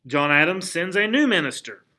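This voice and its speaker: A man teaching a history lesson in a lively, conversational way, asking the class questions and acting out historical figures in quick asides. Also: high voice.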